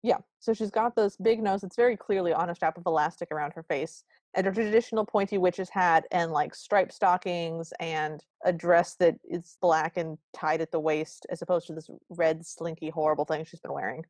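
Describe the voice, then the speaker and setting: A woman's voice: on the low side, fairly even intonation, normal speed, hardly any pauses, darkish tone, dry recording. A woman co-hosting a podcast, recapping a film in casual chat with sarcastic comic asides. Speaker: podcast co-host.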